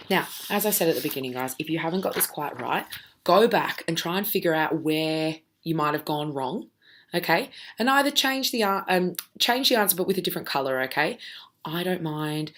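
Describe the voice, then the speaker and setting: Woman teacher doing a phonics lesson on video, kinda low voice but sharp and bright, slow letter-by-letter sounding out, lots of "okay?". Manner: patient, sounds out letters slowly, keeps checking with "okay?". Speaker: primary school teacher. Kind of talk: recorded phonics lesson for children.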